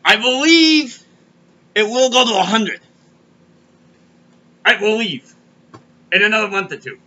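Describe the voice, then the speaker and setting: A man's voice: high voice, lively intonation, measured pace, pushed and bright, highs cut off. A man hosting a comedic crypto show, rambling and kvetching as he tells stories. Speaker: podcast host. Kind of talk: comedic crypto market monologue.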